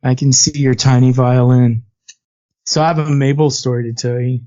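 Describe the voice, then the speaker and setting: A man's voice: medium pitch, steady tone, normal speed, warm tone. A man co-hosting a casual podcast, sarcastic, telling a family story. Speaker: podcast co-host. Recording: dull lo-fi podcast audio.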